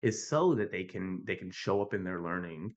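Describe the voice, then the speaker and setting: A man with a fairly low voice tells stories on a podcast. He sounds animated and conversational and keeps checking in with a quick "right?". The audio is dull and a little lo-fi. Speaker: podcast guest, youth mental health advocate. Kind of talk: conversational storytelling.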